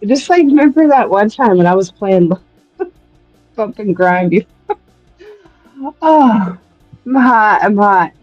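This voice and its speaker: A woman's voice: medium pitch, expressive, slow, pauses often, no echo, highs cut off, soft background music. A woman hosting a casual live stream from outdoors, talking to viewers and often dissolving into helpless, breathless laughter.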